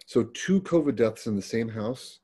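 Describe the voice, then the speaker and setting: This guest, a middle-aged paramedic, relates stories from his job in a down-to-earth, conversational way with many restarts. His medium-pitched voice is animated and warm with a breathy edge, at a moderate pace.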